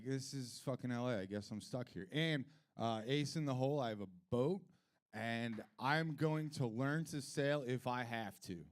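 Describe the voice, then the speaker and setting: A man's voice: mid-range voice, smooth. Profane rambling male stand-up comic. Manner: profane, rambling, swings from loud rants to mutters. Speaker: stand-up comedian. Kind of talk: stand-up comedy set. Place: live comedy venue.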